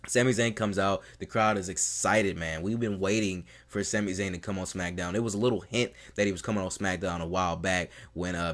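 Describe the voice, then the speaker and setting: A man reviewing a wrestling show in casual talk, rambling like an excited fan with lots of fillers. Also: low voice. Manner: mimics the people he quotes in a raised voice.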